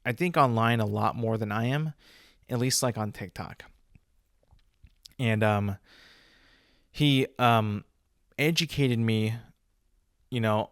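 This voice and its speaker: A man's voice: fairly low pitch, no echo, studio quality. A young man hosting a solo podcast, telling stories in a rambling, casual way with many fillers. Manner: rambling, filler-heavy storytelling. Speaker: podcast host.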